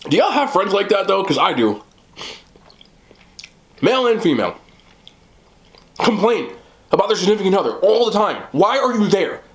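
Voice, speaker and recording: A man hosting a mukbang, chatting casually while eating, talking in an animated way with loud bursts. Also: high voice, moderate pace, long pauses. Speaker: mukbang host.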